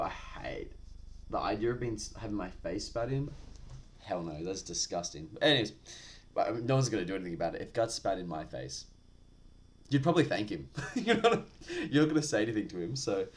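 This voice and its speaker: A man talks through a comic chapter in a loose, rambling way, tossing in slang and profanity between filler words. His voice sits on the lower side. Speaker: manga reviewer. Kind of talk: casual chat.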